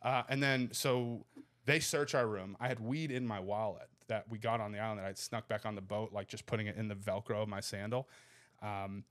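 A man in his thirties, a comedian guest, telling a wild story in rapid, profane, laughing bursts. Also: fairly low pitch, steady tone, a bit bright. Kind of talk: casual storytelling.

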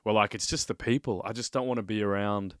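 A man's voice: fairly low pitch, fast, smooth, no room sound, studio quality. An Australian man co-hosting a podcast, telling stories in casual chat and acting out the people in them. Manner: animated storyteller acting out quotes. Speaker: podcast co-host.

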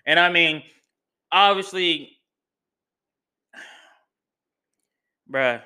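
A man hosts his podcast with a loose, excitable recap of a wrestling match. He swears constantly and leans hard on casual slang. His voice sits high and rings very bright and cutting. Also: drawn-out words, clean tone. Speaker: podcast host.

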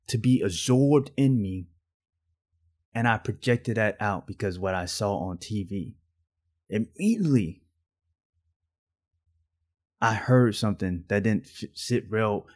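A man's voice: lowish voice, darkish tone. A man hosting a podcast, telling stories and preaching. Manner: preachy, storytelling, drawls phrases out. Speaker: podcast host. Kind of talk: casual podcast monologue.

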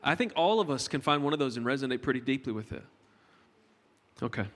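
A man's voice: medium pitch, expressive, fast talker. A middle-aged man preaching a conversational sermon to his congregation, joking with them as he goes. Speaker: pastor. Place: church hall. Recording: long hall reverb.

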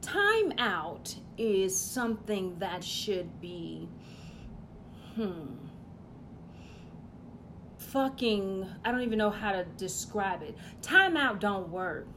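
A woman doing a stand-up routine, brash and profane, with loud exasperated outbursts. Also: medium pitch, sing-song, slow pace, pauses often, background noise. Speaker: stand-up comedian.

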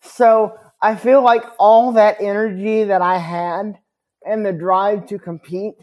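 A man speaking as a podcast guest, telling his story in an earnest, measured way. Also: high voice, level tone, darkish tone. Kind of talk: podcast interview conversation.

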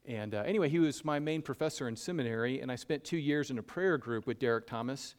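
A pastor with a Southern US accent delivers a conversational sermon at a fast clip. His medium-pitched voice is folksy and self-deprecating, and he often repeats a point to drive it home.

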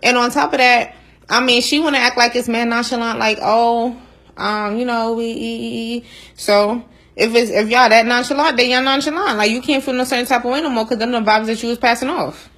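A woman's voice: fairly high pitch, steady tone, fast, fairly bright tone, rough recording. A woman co-hosting a podcast, telling stories in a blunt, teasing way in casual chat. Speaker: podcast co-host.

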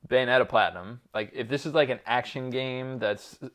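A man's voice: mid-range voice, normal speed, fairly bright tone. A man co-hosting a casual podcast chat, rambling with lots of fillers, laughter and swearing. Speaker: podcast co-host.

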